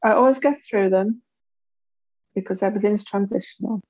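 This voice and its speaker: Brief: woman guest, husky and mellow, lively storyteller, muffled dry audio. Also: moderate pace, dry recording. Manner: animated, acts out quoted voices with big pitch jumps. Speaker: interview guest. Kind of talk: candid personal storytelling.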